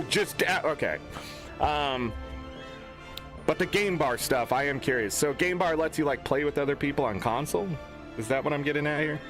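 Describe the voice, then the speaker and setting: Young male streamer, a slightly high voice, in a loud, cursing, exasperated tech rant over faint music. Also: normal speed. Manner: profane, exasperated ranting with swings in pitch. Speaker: gaming streamer. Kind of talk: angry off-the-cuff stream rant.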